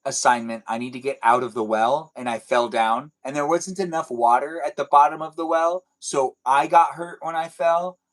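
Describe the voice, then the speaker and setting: Chatting loosely with the people watching his live stream, this man drifts between ideas and breaks into goofy pretend conversations. His mid-range voice moves at a moderate pace with hardly any pauses, though the audio is poor.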